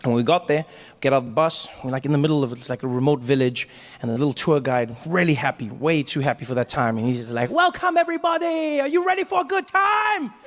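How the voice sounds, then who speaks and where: A male stand-up comedian from South Africa telling a travel story, with animated storytelling. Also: medium pitch, quick pace, long reverb tail. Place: comedy stage before an audience.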